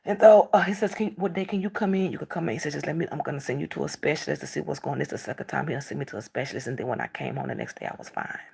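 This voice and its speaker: A middle-aged woman with a low, husky voice and a gravelly edge. She talks casually and emphatically, repeating herself and acting out quoted exchanges. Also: animated, rapid-fire, hardly any pauses, dark tone. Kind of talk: casual monologue to camera.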